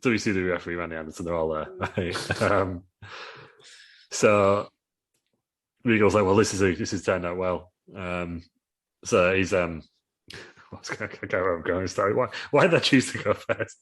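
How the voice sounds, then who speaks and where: Low-voiced male podcast host; rambling comic storyteller. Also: normal speed, long pauses, a bit bright. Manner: rambling, laughing, with many fillers. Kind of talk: casual comedic storytelling.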